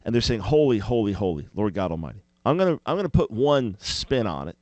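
Animated male Christian talk show host. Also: fairly low pitch, brisk, dry recording, highs cut off. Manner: animated, mock-chanting with playful exaggeration.

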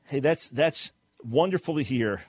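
Middle-aged male radio host, earnest teaching voice, average pitch, dry studio sound. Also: animated, unhurried, husky, no room sound. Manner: earnest preaching delivery with repeated restarts. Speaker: radio talk show host. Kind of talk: call-in radio talk and teaching.

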